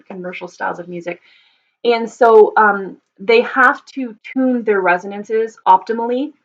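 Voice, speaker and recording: A woman's voice: mid-range voice, fairly bright tone, highs cut off. A woman speaking as a voice teacher, thoughtfully explaining singing technique with frequent ums and restarts.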